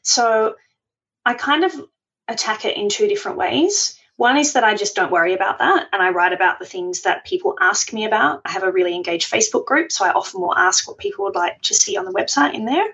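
A woman's voice: mid-range voice, lively intonation, brisk, gravelly, fairly bright tone, muffled recording. A woman guest on a podcast, talking in a chatty, self-deprecating way and laughing often. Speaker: podcast guest, food blogger. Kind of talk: conversational interview.

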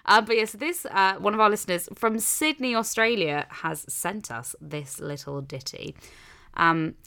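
A woman's voice: medium pitch, unhurried, vocal fry, pushed and bright. A woman co-hosting a casual podcast, giggly and chatty, reading listener stories aloud. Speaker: podcast co-host.

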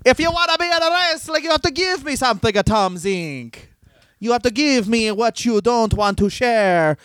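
A man's voice: extremely high pitch, lively intonation, normal speed, a bit bright, clear, resonant tone, no room sound, pitched above the performer's own voice. A man putting on a goofy, broken-English mock accent for a wrestling figure. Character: mock Pat Patterson, comic Italian-ish accent.

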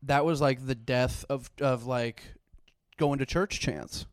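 A young man telling a personal story in casual chat, animated and profane, acting out the people he quotes. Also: medium pitch, slow, no room sound, clean studio sound. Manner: animated, swearing, acts out quoted voices.

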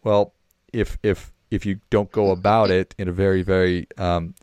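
Man, podcast host, very deep voice, reflective, repeats words, dry close sound. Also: level tone, normal speed, darkish tone, clean tone, no echo. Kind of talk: conversational interview.

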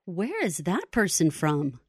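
A woman's voice: lowish voice, wildly swooping pitch, a little slow, a little mellow, a little hiss or hum. A woman co-hosting a casual podcast, chatty and thinking aloud about a TV drama. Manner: chatty, reasoning aloud, many fillers. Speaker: podcast co-host. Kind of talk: casual chat discussing a TV drama.

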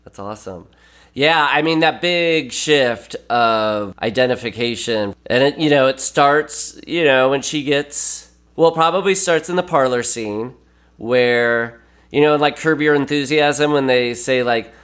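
A man talking casually as a podcast guest, rambling and animated, with many fillers and restarts. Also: mid-range voice, unhurried. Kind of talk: casual film discussion.

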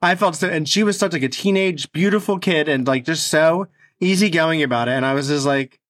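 A man co-hosting a casual podcast, telling stories in a blunt, animated way. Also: a little high, a little fast, dry recording, studio quality. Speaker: podcast co-host.

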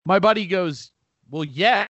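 A man's voice: sits high, unhurried, a bit bright, no room sound, lo-fi sound. A man co-hosting a podcast, telling a story in casual, profane chat over a remote call. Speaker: podcast co-host. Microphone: remote call mic.

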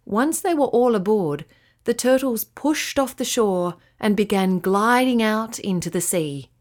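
A woman narrating a children's bedtime story in a gentle, expressive way. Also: medium pitch, measured pace.

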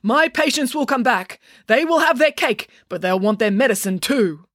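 A woman doing a shrill, indignant doctor. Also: brisk, darkish tone, dry recording, studio quality, lightly acted. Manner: shrill, sputtering outbursts. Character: pompous, indignant middle-aged male doctor.

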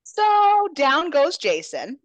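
A woman podcast host retelling a book in a casual, animated way, dropping into character voices. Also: high-pitched, slow, dry recording. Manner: animated storytelling, jumps into characters.

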